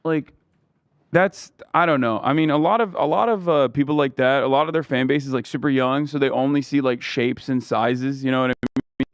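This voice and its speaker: Excitable, crisp-voiced man ranting on a podcast. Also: moderate pace, no room sound, lo-fi sound. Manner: excitable, profane, pitch jumps up when worked up. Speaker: podcast co-host. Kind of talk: casual podcast chat.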